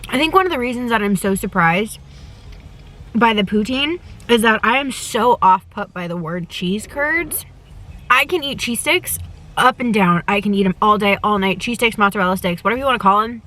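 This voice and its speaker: A woman's voice: mid-range voice, brisk, sharp tone. A young woman chatting to her camera from inside a parked car, gushing and eating as she talks, often with her mouth full. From United States. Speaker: travel vlogger. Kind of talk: casual chat to camera while eating.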